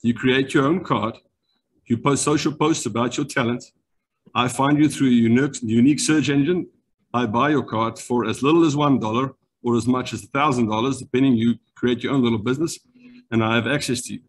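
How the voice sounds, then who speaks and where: A man from South Africa with a South African accent, delivering a brisk, rehearsed startup pitch over a video call. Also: fairly even intonation, breathy edge. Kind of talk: online pitch presentation.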